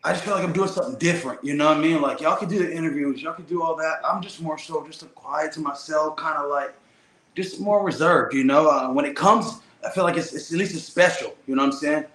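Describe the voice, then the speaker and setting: A man's voice: a little high, fast talker, a bit bright, a little hiss or hum. Laid-back reflective man, roomy sound. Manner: laid-back, reflective, frequent "you know". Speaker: guest, professional fighter. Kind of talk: casual interview talk.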